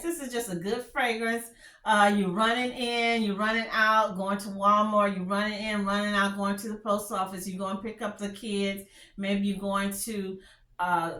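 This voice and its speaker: A woman's voice: mid-range voice, fairly bright tone, roomy sound. A woman with a country Texas drawl chatting candidly as she reviews fragrances, often restarting her sentences. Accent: Texan. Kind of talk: casual product review chat.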